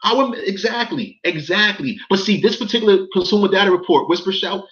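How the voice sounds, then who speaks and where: On a casual livestream, a man rants straight at his chat, his voice sitting high with lively intonation, a little fast and a bit bright. The audio is dull. As he gets worked up he turns heated and profane, repeating phrases and swearing.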